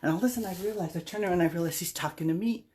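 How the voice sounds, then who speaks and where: A woman's voice: on the low side, rapid-fire, mellow. A middle-aged woman vlogging, telling a personal story in a chatty, rambling, self-deprecating way. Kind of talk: casual storytelling monologue.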